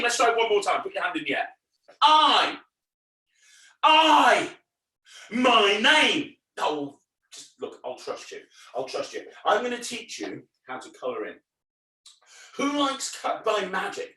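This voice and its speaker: A bouncy children's entertainer with a bright, lively voice that leaps high whenever he gets excited. He sounds a little distant from the mic in an echoey room. His delivery is big and playful throughout. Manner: animated, exaggerated, jumps to loud high shouts. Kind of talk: energetic comedy magic show for kids. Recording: echoey room, voice a bit far off.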